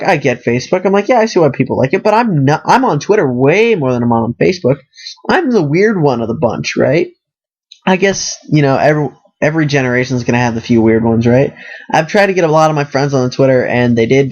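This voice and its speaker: A man's voice: on the high side, a little mellow, dull audio. A college-age man hosting a podcast, rambling casually and filling his talk with "you know" and "like". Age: young adult. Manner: rambling, self-deprecating, fills with "you know" and "like". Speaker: podcast host. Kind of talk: casual monologue.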